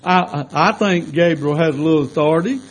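A man with a strikingly high voice delivers a fervent sermon a little fast, firing rhetorical questions at the congregation and punctuating points with repeated calls of amen. The audio is poor.

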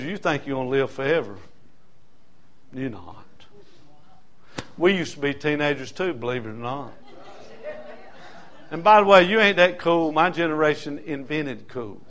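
A man's voice: a little high, lively intonation, measured pace, long pauses, fairly bright tone. An older man preaching a sermon, impassioned and folksy, building on rhythmic repetition.

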